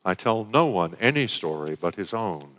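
A man reading aloud as a vast, calm lion, grave and slow, in a reverberant church. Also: on the low side. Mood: solemn. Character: vast deep-voiced lion, calm, solemn and gentle.

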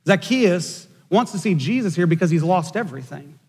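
A man with a rather high voice preaches a sermon, moving from a wry anecdote into measured, emphatic points. His words ring out with a long reverb from the church sanctuary around him. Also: animated, darkish tone, husky. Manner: storytelling with dry asides, measured emphatic delivery. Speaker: pastor.

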